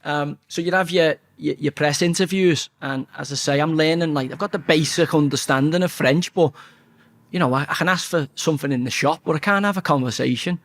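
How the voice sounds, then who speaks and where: A man's voice: a little high, fairly quick. Swearing Scouse man telling stories. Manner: swears freely, lively anecdotes with acted-out quotes. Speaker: interview guest, former footballer. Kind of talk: casual storytelling interview.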